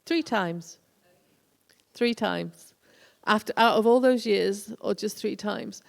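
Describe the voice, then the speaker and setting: Chatty woman with gravelly voice. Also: mid-range voice, slow. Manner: chatty storyteller, acts out quoted voices. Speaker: guest speaker, former tour manager. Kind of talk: casual anecdotal lecture. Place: college lecture hall. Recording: echoey hall.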